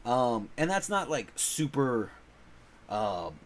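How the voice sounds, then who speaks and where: A man talking loosely and animatedly as a channel host, his voice sitting in an ordinary middle pitch. He rambles with plenty of fillers and self-corrections, laughing often. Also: sing-song, slow pace, a little hiss or hum. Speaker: voice-over actor and comics channel host. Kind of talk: casual rambling chat.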